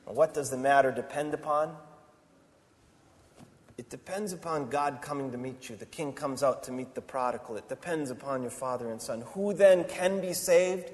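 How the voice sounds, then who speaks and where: A man's voice: mid-range voice, fairly even intonation, normal speed. Impassioned male preacher in a reverberant hall. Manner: impassioned, swinging between loud emphatic declarations and soft intimate appeals. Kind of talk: sermon. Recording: long reverb of a large hall.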